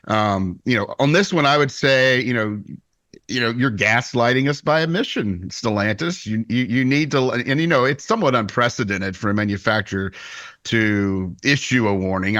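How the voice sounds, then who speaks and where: A man's voice: on the low side, a bit bright, dry recording, studio quality. A man on a podcast, speaking emphatically and indignantly as a safety advocate, with frequent restarts. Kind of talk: podcast discussion.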